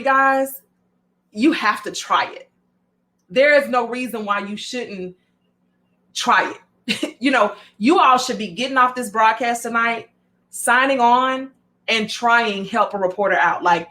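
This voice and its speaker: A woman with a Southern drawl hosting a broadcast, talking in an animated, repetitive and emphatic way with many fillers. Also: fairly high pitch, unhurried. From American South. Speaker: host. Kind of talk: motivational broadcast talk.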